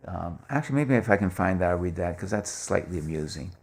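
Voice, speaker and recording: Older male speaker with a low, gravelly voice; loose, rambling storyteller who acts out quoted voices. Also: animated, fast talker. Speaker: speaker giving a talk. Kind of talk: informal talk with anecdotes.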